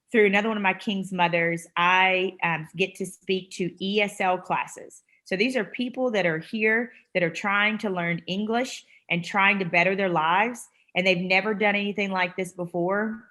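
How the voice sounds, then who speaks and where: A woman hosting an online meeting, her voice sitting at an ordinary middle pitch. She speaks in a casual, gushing way, warm with pride and close to emotional. It comes through a video-call mic. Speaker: meeting host.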